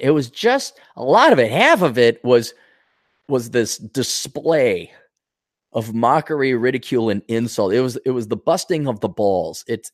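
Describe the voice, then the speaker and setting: Animated profane male podcast host. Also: mid-range voice, no echo, clean studio sound. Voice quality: profane, swears freely. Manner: animated, jokes and acts out voices of others. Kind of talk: casual storytelling monologue.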